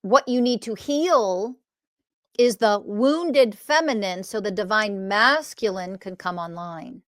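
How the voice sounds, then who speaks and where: A woman's voice: medium pitch, slow pace, dry recording. Emphatic woman podcast host, dry sound. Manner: animated storytelling with emphatic swearing. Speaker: podcast host and spiritual teacher. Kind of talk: solo podcast monologue.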